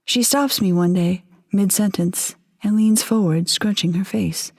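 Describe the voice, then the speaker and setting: A woman narrating a first-person story in a quiet, measured, intimate way. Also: medium pitch.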